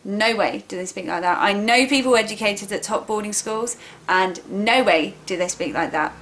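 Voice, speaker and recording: A woman's voice: mid-range voice, moderate pace, fairly bright tone, a little hiss or hum. A woman with a Southern English accent giving a casual video lesson on accents, emphatic and repeating her points, checking in with listeners often. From England.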